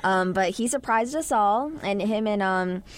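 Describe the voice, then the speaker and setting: A young woman talks casually as an interview guest, her voice sitting in an ordinary middle range. She rambles warmly through her answers, padding them with "like" and "um". She breaks into giggles often. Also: mid-range voice, a little slow. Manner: giggly, chatty, lots of "like" and "um". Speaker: actress guest.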